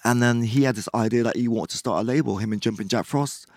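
A man, chatting casually as an interview guest, relaxed and rambling with many fillers. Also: medium pitch, fast, dry recording, clean studio sound. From Bristol, England. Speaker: guest musician.

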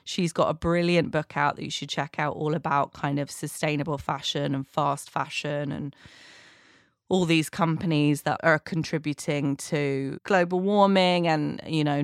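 Podcast host, woman, gravelly low-fi fry, dry close mic, casual rambling recap. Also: no echo. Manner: chatty, rambling, warm asides.

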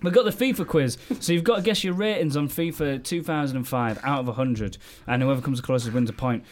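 A man's voice: mid-range voice, fast, a little mellow, a little hiss or hum. A man hosting a quiz segment in a casual studio chat, teasing the others and laughing. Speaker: host running a quiz.

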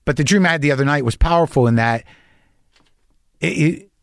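A podcast host thinks aloud in a loose monologue, cursing and restarting his sentences. His voice sits a little high for a man. The sound is close and dry, with no room around it. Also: fairly quick, gravelly, dry recording. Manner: rambling, profane, with restarts. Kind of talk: casual monologue.

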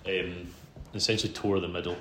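A Scottish man tells a long personal story in a casual podcast chat. He is self-deprecating, laughs a lot, and sits a bit low in pitch. His voice rings in a roomy space over a faint hum. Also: level tone, fairly quick, a bit bright. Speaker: podcast host interviewed as guest. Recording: roomy room sound with faint background hum.

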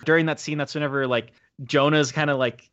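A man's voice: fairly quick, no room sound, highs cut off. A man co-hosting a podcast, casually recapping a movie and acting out its scenes. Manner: animated retelling, acting out quotes in a high squeaky voice. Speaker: podcast co-host.

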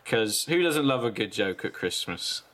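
A man's voice: mid-range voice, big pitch swings, normal speed, fairly bright tone. A man co-hosting a casual comedy chat, teasing and swearing through playful banter.

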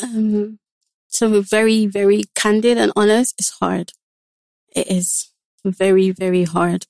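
A young woman appears as a podcast guest, speaking candidly and earnestly about her daily life and quoting others in short back-and-forth exchanges. Her mid-range voice has little pitch movement, vocal fry, and a darkish tone at a measured pace. The recording is dry.

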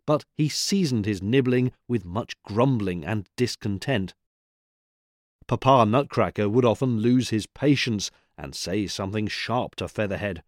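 A man narrating a classic children's story in a steady, measured way. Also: mid-range voice, dry recording, clean studio sound. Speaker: reader. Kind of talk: scripted narration.

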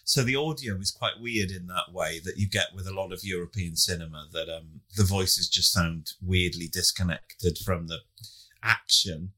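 A man's voice: sits low, normal speed, bright, forceful tone. A man co-hosting a casual podcast, speaking thoughtfully with some hesitation and frequent laughs. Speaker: podcast co-host. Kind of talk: casual chat.

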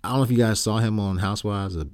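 A man's voice: on the low side, clean tone. A man co-hosting a podcast, chatting casually with lots of fillers and restarts, and joking around with his co-host. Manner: halting, many fillers and restarts; teasing, jokey banter. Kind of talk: casual chat.

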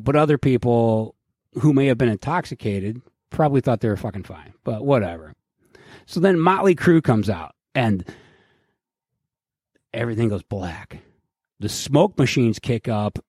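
A middle-aged man co-hosting a podcast, telling a profane story in a casual, animated way and acting out what people said. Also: mid-range voice, no echo, studio quality. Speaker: podcast co-host.

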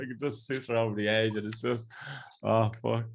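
A man's voice: mid-range voice, steady tone, moderate pace. A man hosting a casual interview, often restarting his questions and laughing along. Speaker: interviewer host.

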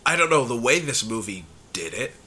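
A man's voice: medium pitch, big pitch swings, a little fast, bright, forceful tone, husky. A young man co-hosting a podcast in casual chat, chatty, laughing often and trailing off mid-sentence. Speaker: podcast co-host.

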